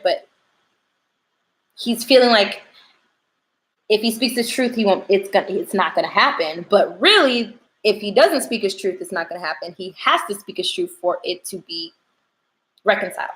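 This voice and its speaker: A woman's voice: medium pitch, normal speed, fairly bright tone, echoey room, low-quality recording. A young woman, chatting casually with viewers during a tarot livestream. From New York.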